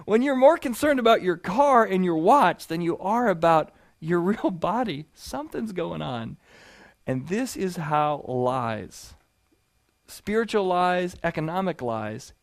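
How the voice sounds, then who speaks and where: A man teaching a sermon-style session, telling stories with lively animation that builds to loud punchlines. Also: high voice, no echo. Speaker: preacher teaching a series.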